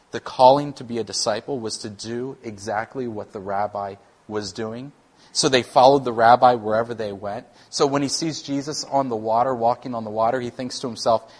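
A man, a worship pastor, preaching a conversational sermon, animated and at times self-deprecating. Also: mid-range voice.

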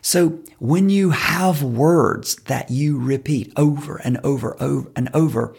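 Very gravelly, husky-voiced speaking coach. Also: medium pitch, very animated, measured pace, hardly any pauses, darkish tone. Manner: emphatic, repeats key words, demonstrates filler words. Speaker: public speaking coach for fundraisers. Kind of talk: instructional talk.

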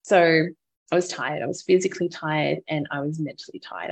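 A woman hosting a podcast, candidly recounting a hard parenting moment and offering gentle advice to listeners. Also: deep voice, normal speed, vocal fry. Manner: open, reflective storytelling with frequent laughter. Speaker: podcast host and mother. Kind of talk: candid personal podcast talk.

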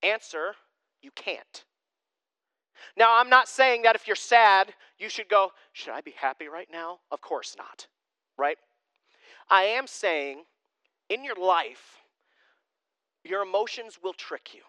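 A man's voice: sits high, expressive, slow pace, long pauses, sharp tone, clean tone, dry recording. A man in his thirties, a pastor giving a conversational sermon with self-deprecating humor.

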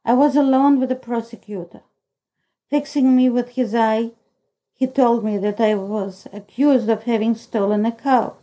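A woman narrating a novel in the first person, reading in a steady, even storytelling way. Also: a little high, unhurried, low-quality recording. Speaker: audiobook narrator.

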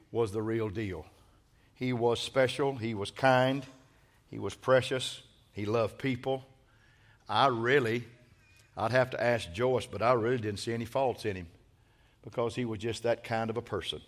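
Male pastor, sermon from the pulpit, call-and-response, emphatic build. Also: mid-range voice. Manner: preacher leading call-and-response, builds to loud emphatic peaks. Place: church sanctuary.

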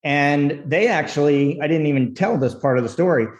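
A middle-aged screenwriter telling candid stories in an interview, acting out quotes and laughing often. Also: male voice, a little high, normal speed, dull audio. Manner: animated storyteller, acts out quotes, laughs often. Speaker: screenwriter guest.

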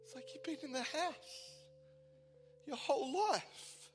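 High, bright-voiced man preaching passionately. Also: slow pace, slight background noise. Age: 40s. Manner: impassioned, swinging from loud declaration to hushed intimacy. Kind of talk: sermon. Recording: large hall reverb with soft music behind.

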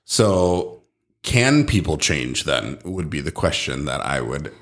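A woman's voice: extremely low pitch, very animated, takes it slowly. A woman on a podcast tossing in dry, wisecracking remarks and questions. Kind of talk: casual chat.

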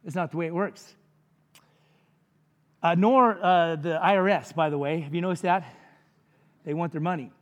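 A man's voice: a little high, moderate pace, pauses often, big-room sound, lo-fi sound. A man preaching a sermon as pastor, conversational and jokey, with frequent asides to the congregation.

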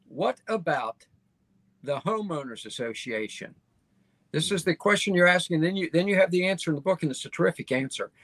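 Man, podcast host, enthusiastic, repeats himself, gravelly, dry. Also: fairly high pitch, fairly bright tone, no room sound. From Baltimore. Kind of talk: casual interview chat.

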